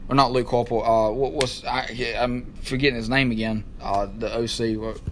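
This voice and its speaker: Excited man recapping wrestling. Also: medium pitch, moderate pace, a little hiss or hum. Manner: animated, rambling, searches for names. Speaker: wrestling talk show co-host.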